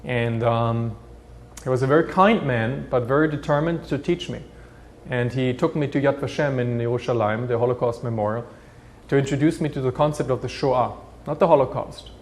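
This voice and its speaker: A man with a German accent recounts his own past in an earnest, reflective testimony. His voice sits at an ordinary middle pitch. He often breaks off and restarts phrases as he searches for words. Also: a little hiss or hum. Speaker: guest recounting his life. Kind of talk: personal testimony.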